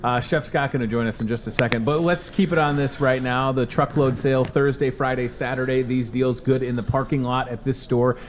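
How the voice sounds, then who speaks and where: An upbeat man hosts an in-store promo segment from a supermarket, his pitch sitting in an ordinary middle range. He talks in a chatty, salesy way, pushing deals and bantering with the crew. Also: fairly even intonation, fairly quick, hardly any pauses, background noise.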